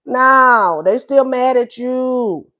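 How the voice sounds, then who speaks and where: Woman, tarot reader, sassy, high-pitched. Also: extremely slow, bright, forceful tone. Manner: sassy, acts out voices of both lovers. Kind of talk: casual tarot reading.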